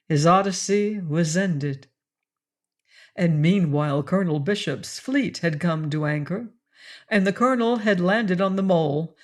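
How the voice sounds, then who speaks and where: A woman narrating an audiobook of a classic adventure novel in a steady storytelling read. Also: lowish voice. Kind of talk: scripted narration.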